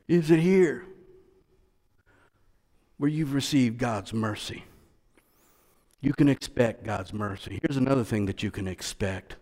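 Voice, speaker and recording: Preaching man in an echoing hall. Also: medium pitch. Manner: builds from quiet to loud, emphatic preaching; conversational, repeats words and phrases. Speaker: pastor. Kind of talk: sermon.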